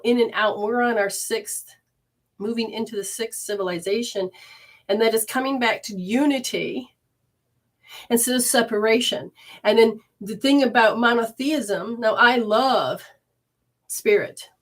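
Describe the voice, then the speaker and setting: A woman's voice: fairly high pitch, unhurried. A woman from Michigan hosting a livestream from her living room, giving an informal spiritual teaching and reading viewer comments aloud. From Michigan, USA. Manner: expressive, reads viewer comments aloud warmly.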